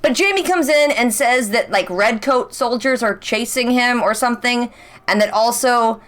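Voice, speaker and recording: A young woman with a slightly high-pitched voice rattles off a casual recap of a show. She talks in a chatty, excitable way, tossing in rhetorical questions as she goes. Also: moderate pace. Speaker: reaction channel host.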